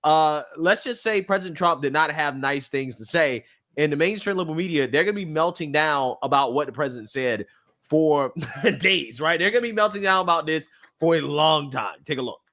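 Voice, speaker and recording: A man's voice: fairly high pitch, normal speed, bright, forceful tone. A man delivering a political commentary segment, emphatic and repeating his points.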